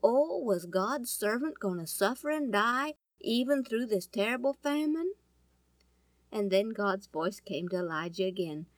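A woman telling a Bible story in a folksy, animated way, often asking her listeners questions. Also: mid-range voice, measured pace, dry recording. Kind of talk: storytelling to an audience.

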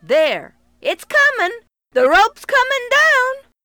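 A woman voicing an anxious rancher father who calls loudly and urgently down a well to his son. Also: very high-pitched, very animated, slow, dry recording, clean studio sound, voice pushed up, exaggerated voice. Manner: urgent, loud calling.

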